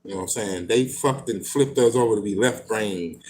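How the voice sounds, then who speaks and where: A man's voice: fairly low pitch, moderate pace, a little mellow. A man reading passages from a book aloud and then riffing on them in blunt, slangy, profane casual talk. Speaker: host reading and commenting on an occult book.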